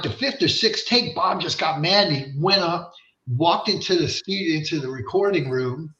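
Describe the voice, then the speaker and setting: Male interview guest, high bright voice, animated and profane storyteller, roomy dull lo-fi stream audio. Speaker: guest rock singer.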